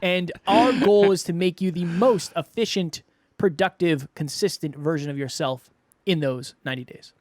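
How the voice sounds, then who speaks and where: A man co-hosting a podcast in casual chat, relaxed and chatty with a self-deprecating tone. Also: fairly high pitch, moderate pace, hardly any pauses, dry recording, studio quality. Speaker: podcast co-host.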